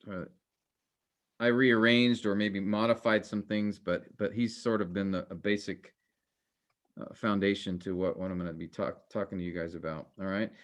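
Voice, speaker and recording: A man teaching a class, halting with many fillers and restarts, his voice trailing off quieter at the ends of phrases. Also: lowish voice, steady tone. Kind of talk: classroom lecture.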